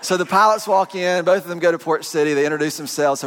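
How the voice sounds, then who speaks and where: A man preaching a sermon, telling a personal story in an animated, joking way to his congregation. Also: on the high side, fast, hardly any pauses. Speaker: pastor. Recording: long hall reverb.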